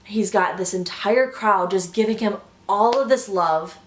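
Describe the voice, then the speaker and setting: A woman's voice: mid-range voice, a little slow, slight background noise. Gushing young woman vlogger, echoey room. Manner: gushing, excitable, lots of "like". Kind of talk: casual vlog storytelling.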